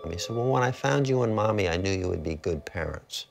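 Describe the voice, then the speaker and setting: A father in an interview, telling a family story in a wry, low-key way. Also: lively intonation, quick pace, creaky.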